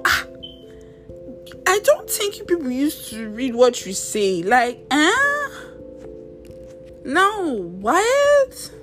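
Blunt ranting woman. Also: on the low side. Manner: blunt, animated, slangy, quick to laugh. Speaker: show host. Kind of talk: casual rant to viewers.

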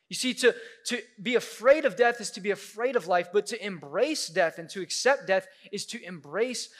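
High bright-voiced young male preacher. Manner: casual and animated, many "like"s, acts out reactions. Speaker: pastor. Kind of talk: sermon.

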